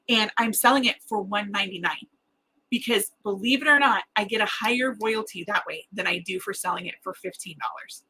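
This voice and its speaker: A woman author chatting casually and excitedly with viewers during a livestreamed book launch, rambling a little as she goes. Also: mid-range voice, husky, rough recording. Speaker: mystery author hosting a live book launch.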